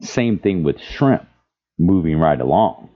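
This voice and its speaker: A man's voice: low voice, expressive, takes it slowly. A man hosting a podcast, speaking with passion and reading quotes aloud. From Louisiana. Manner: impassioned, reads quotes aloud. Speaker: podcast host. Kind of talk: advocacy podcast commentary. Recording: dull lo-fi sound.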